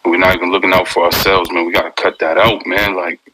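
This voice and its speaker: A man's voice: low-pitched, flat delivery, fast, bright, forceful tone, poor audio. A man calling into an audio room, hesitant with many "um"s, yet agreeing firmly with the speaker before him. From Connecticut. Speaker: caller. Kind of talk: call-in room comment.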